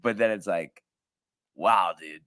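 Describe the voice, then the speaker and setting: A man's voice: sits low, slow, fairly bright tone. A man co-hosting a casual sports show, telling a long story in a rambling way with lots of fillers. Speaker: podcast co-host.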